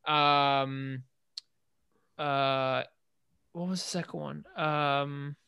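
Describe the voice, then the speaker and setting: A man's voice: fairly high pitch, steady tone, extremely slow, gravelly, sharp tone, clear, resonant tone. A young man from England, co-hosting a casual podcast and explaining a sports injury study in a chatty way, often restarting his sentences. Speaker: podcast co-host.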